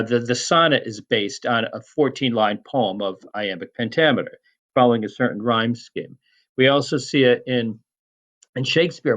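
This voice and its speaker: A man teaching Latin poetic meter in a recorded lecture, measured and prone to restarts and fillers. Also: medium pitch, a bit bright, dull audio.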